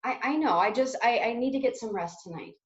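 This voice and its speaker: A woman's voice: a little high, fast. A woman instructor acting out everyday role-play scenes for a safety demonstration. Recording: echoey, dull video call audio.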